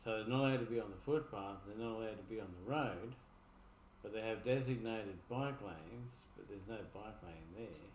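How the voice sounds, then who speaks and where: Aussie bloke rambling along, lowish voice, roomy echo, faint hiss. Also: male voice, normal speed. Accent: Australian. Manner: rambling, laid-back explaining. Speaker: streamer reacting to videos. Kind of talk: casual commentary. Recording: echoey room, faint noise.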